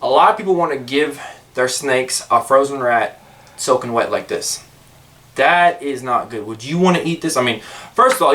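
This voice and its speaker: A man's voice: medium pitch, bright, forceful tone, distant mic. A man chatting casually through a snake-feeding vlog, rambling with jokey asides. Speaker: pet snake vlogger.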